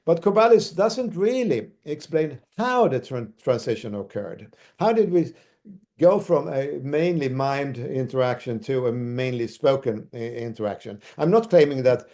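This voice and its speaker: A man giving an academic lecture as a university lecturer, speaking haltingly with many restarts. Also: mid-range voice, expressive, warm tone.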